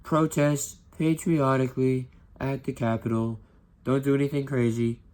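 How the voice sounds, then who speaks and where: A man's voice: mid-range voice, little pitch movement, darkish tone, voice pushed up, close to an everyday voice. A man doing a blustering, boastful old politician. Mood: coaxing. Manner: slow, emphatic, repetitive boasting. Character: blustering boastful older male politician, slow and repetitive.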